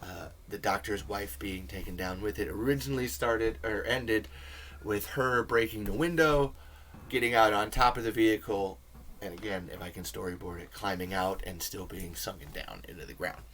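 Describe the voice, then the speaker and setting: A man hosts a casual film commentary video, rambling enthusiastically with lots of fillers. His voice is lowish and a bit bright, at a normal speed.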